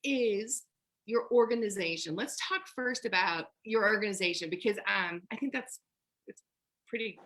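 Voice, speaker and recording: A woman's voice: mid-range voice, normal speed, fairly bright tone. A woman hosting a video-call interview, bubbly and gushing, laughing a lot. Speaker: host. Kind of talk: casual interview over video.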